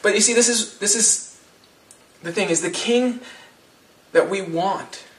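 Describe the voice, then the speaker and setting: A man's voice: high-pitched, unhurried. Guy pastor preaching in a big echoey room, kinda far from the mic, talks casual with lots of "right?". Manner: conversational, with frequent restarts and rhetorical "right?". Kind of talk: sermon.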